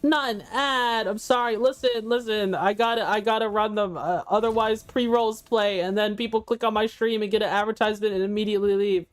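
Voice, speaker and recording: A woman game streamer, a little congested, chatting excitedly with her live chat into a condenser microphone. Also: mid-range voice, a little fast, few pauses, clear, resonant tone.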